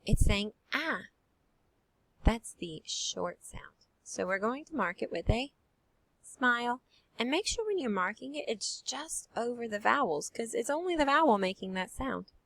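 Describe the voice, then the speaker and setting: Slow, sing-song woman teaching phonics. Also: on the high side, expressive, gravelly, fairly bright tone, no echo. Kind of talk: phonics lesson for young children.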